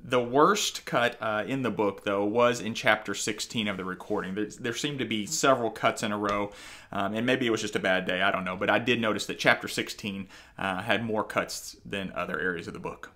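A book reviewer gives a casual spoken review of an audiobook, talking loosely and conversationally with frequent fillers and restarts. His voice is fairly low, fairly quick and sharp in tone.

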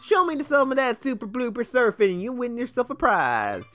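A man's voice: sits high, very animated, normal speed, soft background music. A man voicing a laid-back male surfer dude who runs a surf contest, with a put-on accent and breezy slang.

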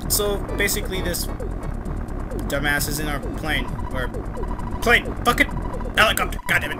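A man's voice: fairly high pitch, moderate pace, pauses often, rough recording. A man giving casual let's play commentary, joking, swearing and reading the game's text aloud. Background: game music.

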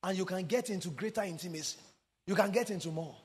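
High-voiced preacher in a hall. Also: male voice, fast talker. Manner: impassioned preaching, rising to sung emphasis and dropping to low asides. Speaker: pastor. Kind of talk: sermon. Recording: long hall reverb.

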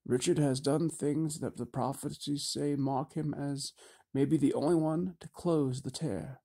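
A kindly old wizard talks in a calm, measured way, reassuring and grandfatherly, as a male audiobook reader plays him. The voice sits close to the reader's own, low-key and mellow in tone. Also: slightly rough. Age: older. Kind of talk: audiobook character voice.

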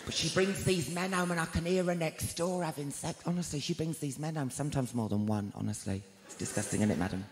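A man's voice: a little high, fast, few pauses, background noise. Brief: male stand-up, camp and gossipy, shrieking peaks, roomy arena sound with a roaring crowd. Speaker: stand-up comedian. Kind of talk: stand-up comedy routine. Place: large arena before a live crowd. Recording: echoey arena, loud crowd laughter. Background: audience laughter.

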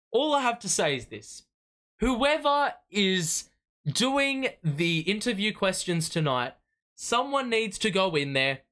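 A young man does live fan play-by-play, his slightly high voice bright and forceful. He is excitable and exasperated, and he swears freely at his own team. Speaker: fan watch-party host.

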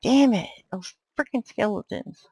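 Woman gamer, slow gravelly delivery, yells at enemies and mutters asides. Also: a little high, no echo, poor audio. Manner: exclaims and yells at enemies, then mutters to herself. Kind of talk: let's play commentary.

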